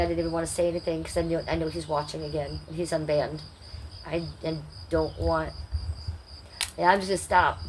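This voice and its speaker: A woman with a somewhat low voice hosts a casual livestream. She rambles and confides, talking straight to her viewers. A faint hum of noise sits under her voice. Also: rough recording. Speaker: livestream host.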